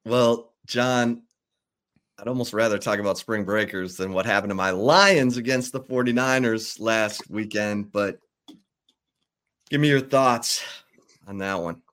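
A man's voice: lowish voice, a little slow, a bit bright. A man co-hosting a sports podcast, enthusiastic and teasing his co-host in casual talk.

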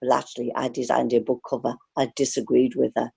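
A woman's voice: extremely low pitch, flat delivery, quick pace, gravelly, warm tone, husky, rough recording. A woman from the area, an artist reminiscing in a rambling interview full of restarts. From Liverpool area, England. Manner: rambling, many fillers and restarts. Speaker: artist guest.

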